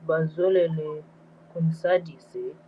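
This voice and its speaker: A woman's voice: low voice, steady tone, slow, highs cut off, a little hiss or hum. A woman in an online language class, sitting far from her mic and thinking aloud tentatively. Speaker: student. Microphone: video call, far from the mic.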